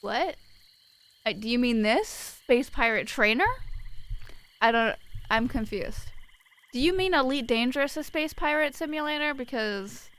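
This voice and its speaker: A young woman chats casually on a live stream, blunt and wry as she reads out viewers' comments. Her voice sits a little high and sounds smooth and clear. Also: a little slow, long pauses, fairly bright tone. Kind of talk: casual chat, reading out live chat.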